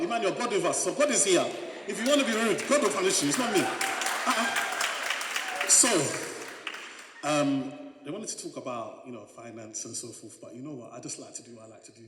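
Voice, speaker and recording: Man, keynote speaker, lively and joking with the crowd, slightly raised pitch, echoey hall. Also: brisk, background noise. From London, England. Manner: animated, joking, storytelling with crowd interaction. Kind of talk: motivational keynote speech. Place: large hall on stage.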